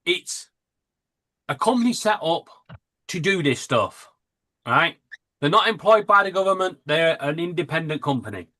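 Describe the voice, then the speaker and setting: A man's voice: a little high, sing-song, moderate pace, long pauses, pushed and bright. A man in casual live banter, talking with strong opinions and checking in with "right?". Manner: opinionated, ranting, adds "right?".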